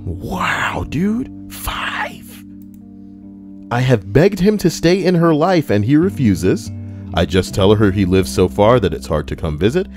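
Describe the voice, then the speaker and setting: A man's voice: fairly low pitch, lively intonation, moderate pace, music in the background. A man streaming casual commentary while reading online posts, rambling with crude, sarcastic asides.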